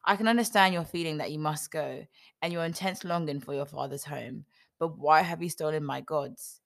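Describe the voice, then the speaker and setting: An indignant old patriarch, read by a woman fires off one reproachful question after another. The voice sits low and stays close to plain storybook reading. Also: normal speed, gravelly. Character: indignant old male patriarch, grasping and accusing.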